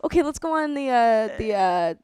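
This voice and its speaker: A woman's voice: on the high side, animated, normal speed, a little mellow, clear, resonant tone. A young woman, a guest musician, telling a story in casual chat, laughing often and acting out her own lines.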